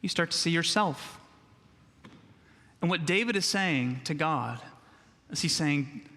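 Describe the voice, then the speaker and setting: A male pastor giving a children's sermon in a church sanctuary, speaking slowly and emphatically and leading the congregation to repeat phrases after him. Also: on the high side, lively intonation, pushed and bright. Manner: slow, emphatic, leads call-and-response. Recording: long church reverb.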